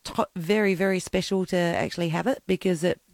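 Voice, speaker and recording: A woman's voice: on the low side, fairly even intonation, a little fast, gravelly, a little mellow, no echo. A woman with an Australian accent hosting a radio phone interview, chatty and jokey. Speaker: radio host.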